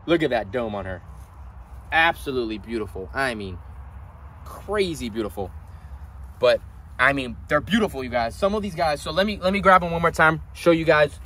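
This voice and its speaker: A man hosting a casual vlog at his animal ranch, gushing with excitement and at times quietly sad. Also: medium pitch, a little hiss or hum. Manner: gushing, excitable, swings from loud delight to quiet sadness. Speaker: reptile breeder and channel host. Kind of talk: casual vlog talk to camera.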